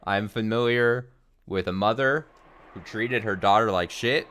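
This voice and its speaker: A man's voice: fairly low pitch, fairly even intonation, measured pace, pauses often, fairly bright tone. A man streamer reading a visual novel aloud and breaking off to react and joke. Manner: reads narration, then breaks off to react and joke. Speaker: let's play streamer. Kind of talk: reading a game aloud with commentary.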